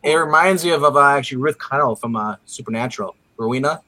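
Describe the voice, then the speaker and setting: A man's voice: medium pitch, fast talker, a crowd in the background, low-quality recording. A man chatting and teasing on a comics stream over a video call. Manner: teasing, rambling. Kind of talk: casual chat on a comics stream.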